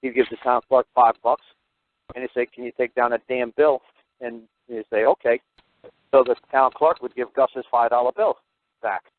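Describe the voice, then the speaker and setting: A man hosting a call-in radio show, telling stories in a blunt, profane, animated way. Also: medium pitch, normal speed. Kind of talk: call-in radio talk, storytelling. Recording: tinny phone-line radio audio.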